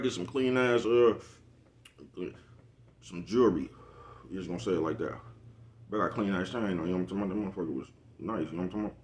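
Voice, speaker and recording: Man, quick rambling vlog talk, deep voice, laughs at his own jokes. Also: a little mellow. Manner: rambling, repeats "you know what I'm talking about". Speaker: vlogger. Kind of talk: casual monologue.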